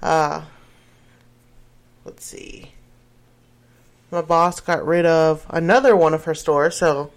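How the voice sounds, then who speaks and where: Slow-talking teasing woman co-host. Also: deep voice, steady tone. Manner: laughing, teasing interjections. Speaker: podcast co-host. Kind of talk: casual podcast banter.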